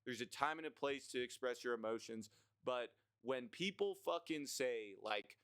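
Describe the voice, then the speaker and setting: A young man rattles off his grievances in a blunt, profane, rambling manner, stopping often for fillers and restarts. His voice is smooth and clear, at a middle pitch. The recording is dry and close, with almost no room sound. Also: expressive, moderate pace, fairly bright tone, no room sound. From United States. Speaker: vlogger. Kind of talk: ranting list monologue.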